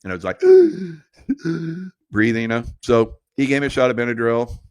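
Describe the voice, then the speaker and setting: A man's voice: medium pitch, rapid-fire, clear, resonant tone, no room sound. A middle-aged man telling a casual, rambling story with a conspiratorial edge and frequent laughs. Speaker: podcast host.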